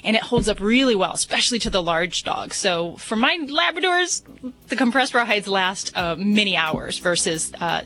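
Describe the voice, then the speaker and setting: Bright-voiced woman vet giving frank advice. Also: mid-range voice, very animated, normal speed, rough recording. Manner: frank and explanatory, with many ums. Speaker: veterinarian. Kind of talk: radio call-in advice.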